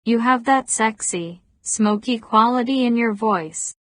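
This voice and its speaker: Woman voicing a guarded man in his thirties, persistent, slow, higher pitched, dry. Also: dry recording, close to an everyday voice. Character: wary 37-year-old man, persistent and guarded.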